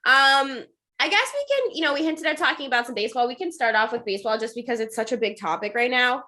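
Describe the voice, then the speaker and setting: A woman co-hosting a casual sports podcast, giving firm opinions and egging her partner on. Her voice is bright and forceful, and it sits a little high. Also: animated, fast talker. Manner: opinionated, emphatic, cheers her co-host on. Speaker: podcast co-host.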